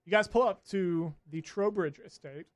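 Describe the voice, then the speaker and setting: A man running a tabletop game as game master, narrating in a laid-back way with filler pauses. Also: high-pitched, no echo.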